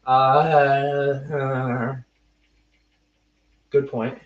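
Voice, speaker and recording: A man's voice: mid-range voice, flat delivery, very slow. Young male podcast host, self-mocking storyteller, muffled distant sound. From United States. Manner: rambling, self-mocking, restarts mid-sentence. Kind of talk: casual storytelling chat. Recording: roomy, distant and muffled mic.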